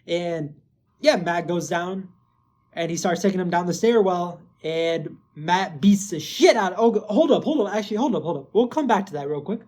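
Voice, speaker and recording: A man's voice: sits high, moderate pace. A man casually recapping a TV episode, rambling with lots of filler words and swearing. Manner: gets excited and loud when hyping. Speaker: show recap host.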